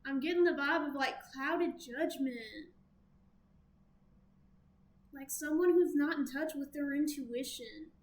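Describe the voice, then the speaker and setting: This tarot reader has a high voice and a Southern American accent, and she takes her time, pausing often. Her reading is chatty and casual with lots of playful asides, recorded in an echoey room with faint background noise.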